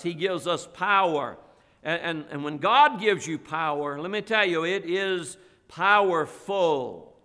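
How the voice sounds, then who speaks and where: Male pastor, high bright voice, emphatic sermon cadence, reverberant sanctuary. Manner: slow, emphatic preaching with repeated phrases. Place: church sanctuary. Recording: long hall reverb.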